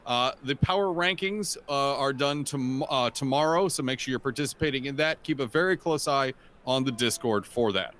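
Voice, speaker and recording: A man's voice: mid-range voice, moderate pace, hardly any pauses, a bit bright. A man working as color analyst on a live sports stream, talking modestly and hesitantly with many fillers.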